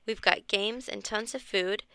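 Lady doing a cheery joker cop guy, teasing tone, crisp dry voice. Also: medium pitch, unhurried, bright, forceful tone, no echo. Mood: cheerful. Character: friendly male police officer, joking prankster.

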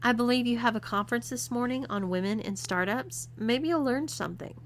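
A woman's voice: on the high side, fairly quick, slight background noise, voice pushed up, lightly acted. A woman voicing a cool, teasing young woman who gives orders. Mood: commanding. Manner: commanding, mocking.

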